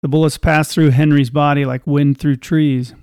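A man reading a scripted story aloud in a measured, even way. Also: fairly high pitch, clear, resonant tone, dry recording, studio quality.

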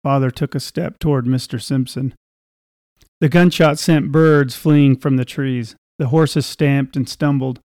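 A man reading a scripted story aloud in a measured, even way. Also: mid-range voice, no room sound, clean studio sound.

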